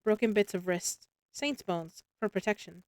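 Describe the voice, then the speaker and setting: A woman reading a teasing, quick-witted young woman. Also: medium pitch, dry recording, natural voice.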